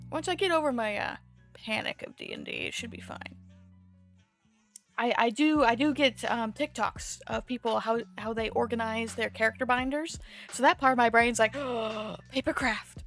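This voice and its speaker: A woman talks casually through a drawing stream, hopping from one tangent to the next and laughing at her own jokes. Her voice sits somewhat high. Quiet background music plays under her. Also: lively intonation, normal speed, creaky. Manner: rambling, self-amused, jumps between tangents. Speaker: VTuber streamer. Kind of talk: casual art-stream chat. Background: soft background music.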